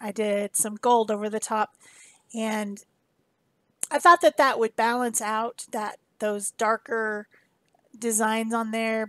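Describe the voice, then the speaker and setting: A woman's voice: on the high side, no echo. A woman giving a casual, rambling voice-over of her mixed media art, often correcting herself as she goes. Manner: chatty, rambling, self-correcting. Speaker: art instructor. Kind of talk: casual craft demonstration voice-over.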